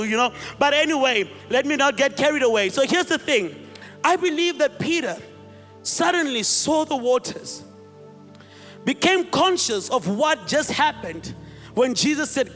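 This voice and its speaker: A male pastor preaching a sermon, retelling a scene with animated storytelling and acted-out voices. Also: very high-pitched, moderate pace. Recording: reverberant hall, faint music.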